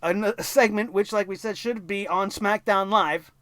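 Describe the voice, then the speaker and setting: A man's voice: high-pitched, normal speed, fairly bright tone, dry recording. A man hosting a wrestling review show, ranting angrily and sarcastically and swearing constantly.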